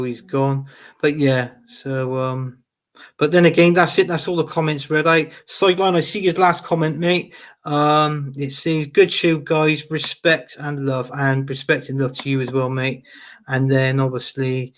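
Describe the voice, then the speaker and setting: A man hosting a football live stream, reading out viewer comments in a chatty way with frequent laughs. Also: fairly high pitch. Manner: chatty, laughs often, repeats phrases. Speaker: host of football show.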